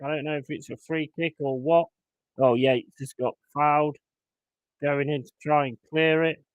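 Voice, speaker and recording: A man's voice: a little high, fairly even intonation, normal speed, no room sound, dull audio. A man hosting a fan watchalong, calling the match and bursting into swearing, exasperated rants. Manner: swearing, exasperated ranting outbursts. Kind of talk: live match commentary and chat.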